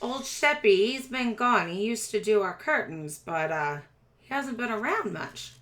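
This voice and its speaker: A woman's voice: on the high side, animated, measured pace, bright, forceful tone. A woman voicing a small, round, showy rat boy who boasts like an eager young performer. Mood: chatty. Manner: boastful, eager showman patter.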